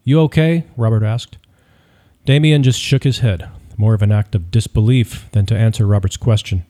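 A man reading a story aloud as narrator, in a steady, measured delivery. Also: on the low side. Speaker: audiobook narrator. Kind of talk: scripted narration.

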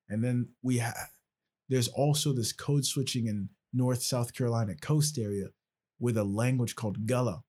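A man's voice: mid-range voice, darkish tone, husky. A male podcast host talking casually and explaining at length, checking in often with "right?". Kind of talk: casual conversational podcast talk.

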